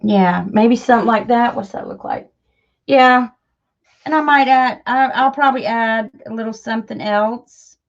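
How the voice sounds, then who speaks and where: A woman's voice: fairly high pitch, normal speed, dull audio. A woman chatting casually and self-deprecatingly to her viewers while she crafts, with lots of fillers. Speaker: crafting channel host.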